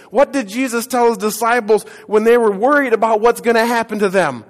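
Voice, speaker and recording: A man preaching a sermon to his congregation, leading call-and-response and swinging between loud declarations and hushed lines. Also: extremely high pitch, fairly quick. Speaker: pastor. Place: church sanctuary. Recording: echoey church hall.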